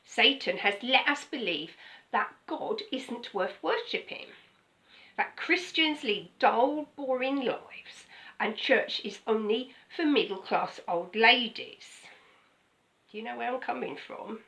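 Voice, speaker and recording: A woman's voice: fairly high pitch, animated, measured pace, pushed and bright, poor audio. An older woman pastor, giving a chatty, conversational sermon with frequent "okay?" asides. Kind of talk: casual sermon.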